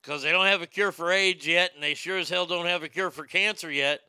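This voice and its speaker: A man's voice: high-pitched, steady tone, fairly quick, sharp tone, smooth, no echo. A man hosting a casual show, reading news items and chat comments aloud and riffing on them with irreverent jokes, often stammering and restarting.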